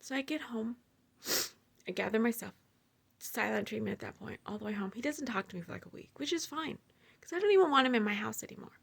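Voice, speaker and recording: A woman telling a personal story to her viewers in a casual, animated way, with many fillers and asides. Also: a little high, quick pace, creaky, slightly rough. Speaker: storyteller sharing personal experiences.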